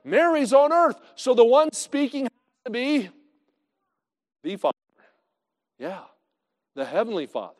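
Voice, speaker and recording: A male pastor preaching a sermon in a conversational way, swinging from loud to hushed. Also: extremely high pitch, animated, measured pace, pauses often, big-room sound.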